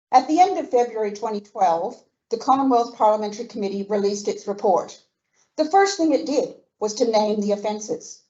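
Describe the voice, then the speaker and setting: An older woman with an Australian accent, reading a prepared speech at a commemorative event in a measured, earnest way and stressing each point of a list. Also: fairly high pitch, a little mellow, highs cut off. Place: museum function room.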